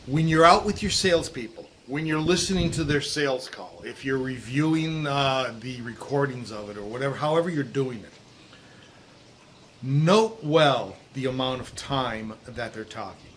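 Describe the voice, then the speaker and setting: A middle-aged man coaching sales managers in a bright, forceful voice, leaning hard on key words and slowing to stress them. He is outdoors, with a faint breeze rustling behind him. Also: mid-range voice, expressive. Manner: emphatic, drawn-out stresses, drops to near whisper at times. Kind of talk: direct-to-camera coaching talk. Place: outdoors in a breezy warm place. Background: wind noise.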